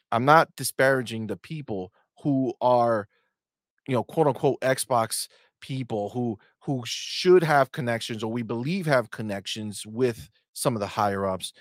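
A man's voice: medium pitch, measured pace, dry recording, studio quality. A man co-hosting a livestream show, ranting heatedly and swearing a lot in casual chat. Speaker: co-host.

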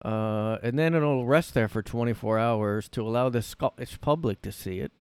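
A man's voice: medium pitch, normal speed, darkish tone, clean tone, dry recording. A man hosting a casual solo podcast from his room, rambling and irreverent, often repeating himself. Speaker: podcast host.

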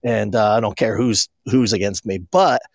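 A man's voice: on the low side, fairly even intonation, moderate pace, creaky. A man from Maine co-hosting a casual podcast, telling rambling stories and acting out quotes. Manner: rambling storyteller, acts out quotes. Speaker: podcast co-host. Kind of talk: casual chat.

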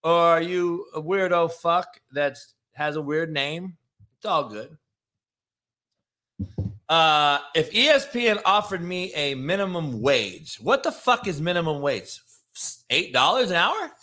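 A loud-mouthed male sports host on a solo show, trading insults with the people in his live chat. His voice sits a bit higher than most men's and comes out tense and sharp. He swears constantly and sounds completely sure of himself. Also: lively intonation, a little slow. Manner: brash, profane, combative; talks to live chat viewers. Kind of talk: solo sports talk rant.

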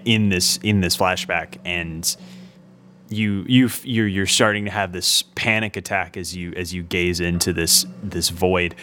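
Low-voiced man narrating a tabletop game. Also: steady tone, sharp tone, a little hiss or hum. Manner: slow, halting narration with many restarts. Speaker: game master.

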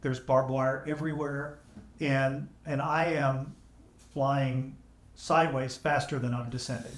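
A man guest on a podcast, telling his memories as a veteran at a measured pace with dry humor. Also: medium pitch, little pitch movement. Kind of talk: conversational storytelling. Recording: echoey, AI-restored audio.

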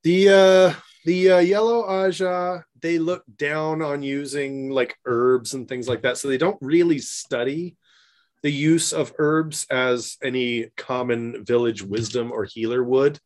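A man co-hosting a casual podcast chat, animated and laughing often, slipping into mocking put-on voices. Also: mid-range voice, measured pace. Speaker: podcast co-host.

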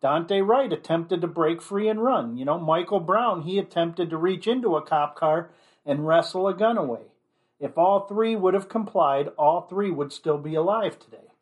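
A man's voice: a little high, normal speed. A man giving an opinionated commentary monologue, blunt and rambling, leaning on constant "you know" fillers.

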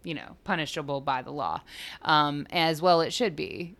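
A woman's voice: deep voice, moderate pace, vocal fry, a bit bright. A woman co-hosting a podcast, chatting frankly and playfully and giggling often. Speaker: podcast co-host. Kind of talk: casual chat.

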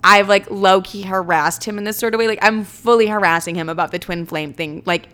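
A woman's voice: medium pitch, fairly quick, a bit bright, smooth. A young adult woman telling a casual storytime monologue, blunt, profane and self-mocking, with many "like" fillers. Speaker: vlogger.

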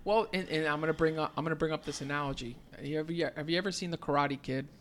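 A man co-hosting a casual chat, animated and often repeating words as he restarts. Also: on the high side, fast talker, a little hiss or hum. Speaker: podcast co-host.

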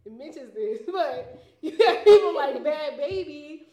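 A woman's voice: high-pitched, expressive, a little slow, warm tone. A young woman talking animatedly in a casual panel discussion, laughing often and mimicking voices. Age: young adult. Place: garage. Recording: echoey garage room.

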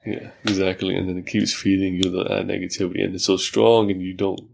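This man hosts a podcast in a flat, low delivery that's a little mellow and marked by vocal fry, moving at a quick pace. His casual conversation is reflective, filler-heavy, and full of examples he reasons through.

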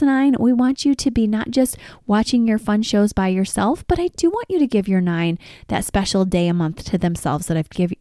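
A middle-aged woman hosts a casual advice podcast in an upbeat, chatty, encouraging tone. Her voice is mellow and warm, recorded close and dry with no room sound. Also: medium pitch, no echo. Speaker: podcast host.

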